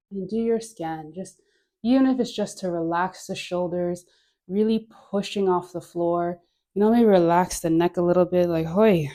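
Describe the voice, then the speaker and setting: A woman's voice: on the low side, slow pace, long pauses, mellow. A woman leading a guided dance class, chatty and encouraging, laughing often and filling her talk with "like". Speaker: dance instructor.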